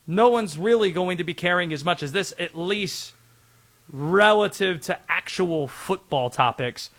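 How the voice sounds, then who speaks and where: High-voiced, quick-talking sports talk host. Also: male voice, pushed and bright. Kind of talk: casual sports debate.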